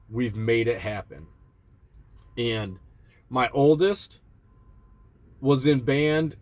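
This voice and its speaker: A man's voice: medium pitch, dry recording. Reflective man talking money in his forties. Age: 40s. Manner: rambling, reflective, with restarts and self-quotes. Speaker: personal finance vlogger. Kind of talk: candid personal talk to camera.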